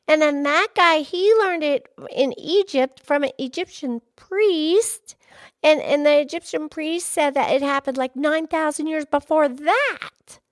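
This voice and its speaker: A woman voicing an excitable, chatty young female character named Pinky, in a two-voice character chat. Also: measured pace, no room sound, studio quality. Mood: eager. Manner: eager, gushing, much higher than her own voice.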